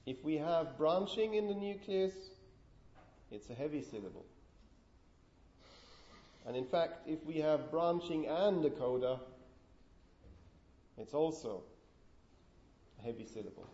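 A man's voice: on the high side, expressive, unhurried, long pauses, mellow, lo-fi sound. Man lecturing in an echoey room. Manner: explanatory, asks the class questions. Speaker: linguistics lecturer. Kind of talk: university lecture.

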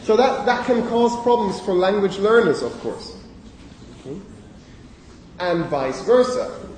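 A male lecturer explains sound rules to a class, asking questions and saying "okay?" often. His voice is mellow and a little high for a man. The recording is roomy, with a long reverb, and he is heard from a distance, with faint ambient noise behind him. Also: very animated, a little slow. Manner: conversational, asks the class questions, frequent "okay?". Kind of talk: university lecture on phonology. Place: lecture hall. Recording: echoey lecture hall, mic at a distance.

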